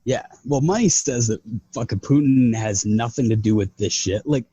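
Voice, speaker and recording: A man's voice: medium pitch, moderate pace, mellow, muffled recording. A man who is a guest on a podcast, chatting casually in a blunt, profane way. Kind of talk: casual chat.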